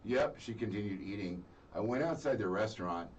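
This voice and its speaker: Middle-aged guy on a radio show spinning a story, does the voices, lowish voice, mic kinda far off. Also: brisk. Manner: animated storyteller acting out quoted voices. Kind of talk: storytelling in casual chat. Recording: distant mic with faint noise.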